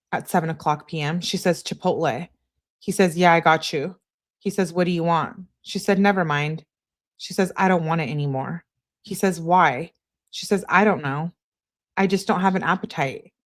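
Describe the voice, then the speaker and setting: A woman hosting a true crime channel, reading text messages aloud in a plain way and spelling out abbreviations letter by letter. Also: fairly low pitch.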